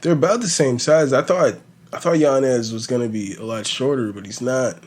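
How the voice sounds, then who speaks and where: A man's voice: mid-range voice, moderate pace, husky. A man talking casually as a podcast host, rambling and swearing as he predicts fights, with a slight lisp. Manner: profane, rambling, animated storytelling.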